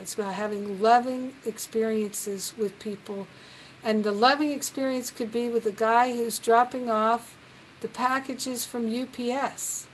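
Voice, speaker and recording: Woman, higher voice, gentle and earnest, spiritual talk, video call, faint background noise. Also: poor audio.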